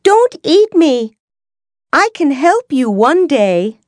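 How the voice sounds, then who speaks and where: A woman voicing a tiny, timid, polite mouse in a story read for learners, with a squeaky, pleading voice. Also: sing-song, takes it slowly, a little mellow, dry recording, full character voice. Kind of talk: slow story reading for learners.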